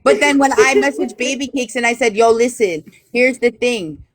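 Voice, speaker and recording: A woman's voice: a little high, normal speed, a little hiss or hum. A woman in her thirties hosting a live stream, talking bluntly and profanely as she retells a dispute. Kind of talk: heated casual live chat.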